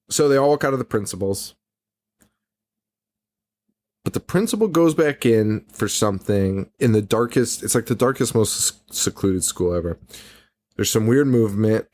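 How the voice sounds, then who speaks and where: A man co-hosting a podcast in casual chat, recapping a movie in an animated, profane way. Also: on the low side. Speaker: podcast co-host.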